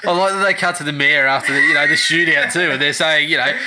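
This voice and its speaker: A man's voice: on the high side, fast, over a noisy crowd. A man chatting casually about a film, swearing and laughing as he acts out scenes. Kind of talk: casual film review chat.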